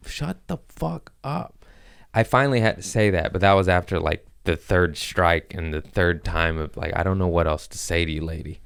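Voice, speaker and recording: A man's voice: sits low, clear, resonant tone, no room sound, studio quality. A man hosting a comedy podcast, telling profane stories in casual chat and acting out what people said. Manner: profane storytelling with acted-out quotes.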